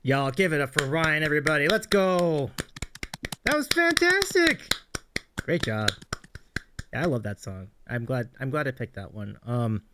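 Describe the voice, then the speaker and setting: A man's voice: mid-range voice, moderate pace, noisy background. A man hosting a livestream, enthusiastically introducing clips and hyping them up. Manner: enthusiastic, hypes clips, many ums and restarts. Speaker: stream host.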